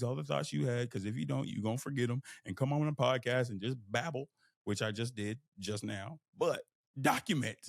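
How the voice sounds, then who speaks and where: Young guy on his podcast, gravelly, dry close sound, fired up and pep-talking. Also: medium pitch, no room sound. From Fort Worth, Texas. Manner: animated, emphatic, acts out inner voices. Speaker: podcast host. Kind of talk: motivational monologue.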